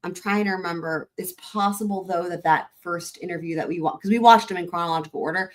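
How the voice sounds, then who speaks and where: A woman's voice: lowish voice, fast talker. Woman thinking aloud on a live stream. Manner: thinking aloud, self-correcting. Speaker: stream host. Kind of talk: live commentary.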